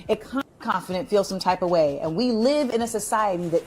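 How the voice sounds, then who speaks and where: A woman's voice: mid-range voice, lively intonation, brisk, few pauses, darkish tone, a little hiss or hum. A woman speaking in an interview clip, direct and assertive, building her points in short repeated sentences. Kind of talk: interview talk.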